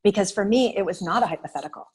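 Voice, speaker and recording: A woman talking as a guest in an interview, telling a personal story in a lively way with many fillers and restarts. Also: medium pitch, racing, slightly rough, rough recording.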